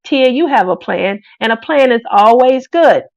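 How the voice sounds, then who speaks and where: A woman's voice: on the high side, expressive, moderate pace, vocal fry, a little mellow, no echo. A woman, hosting a craft live stream in casual chat, playful and laughing often as she reads out comments. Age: 40s. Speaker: craft channel host.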